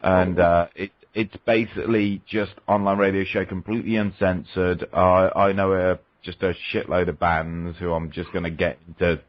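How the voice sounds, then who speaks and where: A man's voice: deep voice, flat delivery, normal speed, hardly any pauses, dry recording. Crude rambling man on a lo-fi line. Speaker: guest caller. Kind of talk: crude comedic call-in chat. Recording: lo-fi call-in audio.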